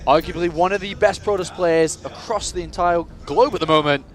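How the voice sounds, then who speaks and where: A British man casting a live strategy game match, lively and self-deprecating, sometimes correcting himself. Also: high voice, a little fast. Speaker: esports commentator.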